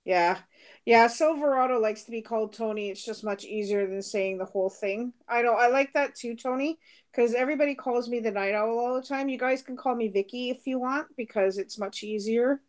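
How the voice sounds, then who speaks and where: Chatty middle-aged woman, high voice. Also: a little fast. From Britain. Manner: chatty, laughs often, answers comments aloud. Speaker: co-host reading viewer comments. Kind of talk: casual live-stream chat.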